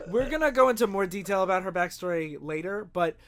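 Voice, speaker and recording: A man's voice: sits high, animated, fast, a bit bright. A man co-hosting a podcast in casual chat, easygoing and agreeable. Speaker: podcast co-host.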